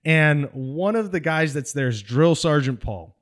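A man from California with a fairly high speaking voice, a veteran guest on a podcast. He tells his story animatedly, laughing often and slipping into the voices of the people in his anecdotes. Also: animated, unhurried. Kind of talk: storytelling interview.

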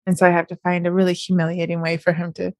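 A woman's voice: lowish voice, completely flat delivery, fast talker, dry recording, clean studio sound. A middle-aged woman, chatting on her podcast in a casual, upbeat way and often smiling as she talks. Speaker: podcast host and novelist. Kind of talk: casual solo podcast chat.

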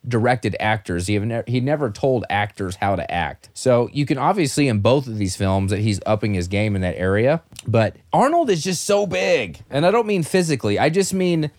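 A man's voice: mid-range voice, expressive, moderate pace, hardly any pauses, darkish tone, dry recording, studio quality. A man hosting a casual movie discussion podcast, talking with enthusiasm and acting out quotes. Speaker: podcast host.

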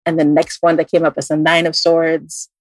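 A woman who reads tarot, telling a story in a casual, animated way, full of "like" fillers. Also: sits low, moderate pace, no room sound.

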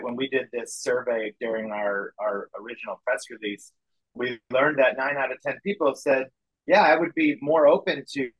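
Man guest, upbeat, mid-pitched, dry sound. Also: fairly bright tone, slightly rough, dry recording, poor audio. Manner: upbeat, pitching his product. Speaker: drinks company guest. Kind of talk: casual interview talk.

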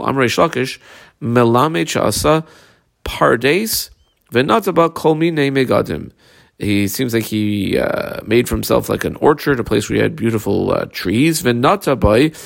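A man teaching a Talmud passage line by line. He reads Hebrew and Aramaic phrases, then translates them in halting English with frequent filler pauses. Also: mid-range voice, creaky.

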